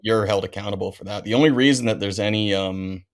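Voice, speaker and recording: A man in his thirties chats as a podcast guest in a relaxed, slangy way. His voice is low with a gravelly rasp, and he leans on "like" and "dude" as he tells stories. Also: fast. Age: 30s. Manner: laid-back, full of "like" and "dude". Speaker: podcast guest, pro skier. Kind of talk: casual storytelling chat.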